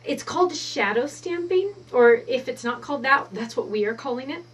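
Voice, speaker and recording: A woman hosting a stamping craft tutorial, bubbly and excitable, gushing as she demonstrates at her work counter. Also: high voice, moderate pace, recorded from a distance. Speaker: craft show host. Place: craft studio at counter height.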